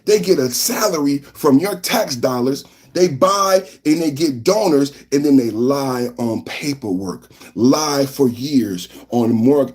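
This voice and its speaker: A man from San Francisco hosting a live political podcast, talking loudly and animatedly as he reads out the chat. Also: mid-range voice. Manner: loud and animated, reading chat aloud. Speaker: podcast host. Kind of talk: live-stream political commentary.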